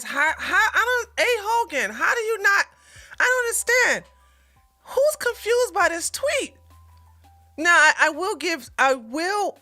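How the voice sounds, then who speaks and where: A woman hosting a livestream, giving heated, profane commentary on a clip and mocking what she hears. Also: a little high. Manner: blunt, cursing, mocking, laughs loudly; rants and repeats points to chat. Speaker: livestream host reacting to a clip.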